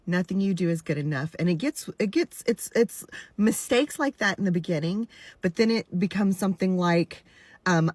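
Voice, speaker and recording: A woman's voice: on the low side, no room sound. A woman in her forties speaking candidly and emphatically about her own experience, often repeating herself for stress. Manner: earnest, repetitive, emphatic. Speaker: content creator stitching a video. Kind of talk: candid personal commentary.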